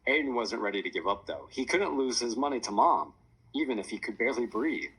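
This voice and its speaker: A man narrating a children's chapter book in a lively storytelling voice. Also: mid-range voice, brisk, husky, poor audio. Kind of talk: audiobook narration.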